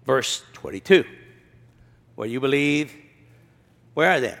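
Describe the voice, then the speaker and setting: A male pastor with a high voice delivers a sermon in a church, moving between scripture reading and pointed, sarcastic commentary. His voice carries a long reverb from the large room. He lifts his voice to act out the quoted lines. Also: lively intonation, a little slow, pauses often, fairly bright tone. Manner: reads scripture then preaches with sarcastic asides.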